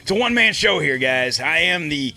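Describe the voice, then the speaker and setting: A man with a bright, forceful voice hosts his own podcast alone, rambling and swearing freely as he talks. He sounds like he is in a small home studio, with faint music somewhere behind him. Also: a little high, animated, brisk. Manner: profane, rambling, off-the-cuff. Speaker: podcast host. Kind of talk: solo podcast monologue.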